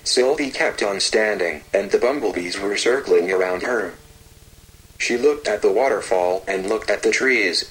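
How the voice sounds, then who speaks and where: A man narrating a fairy tale slowly and gently, with repetitive storytelling phrasing. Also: lowish voice, low-quality recording.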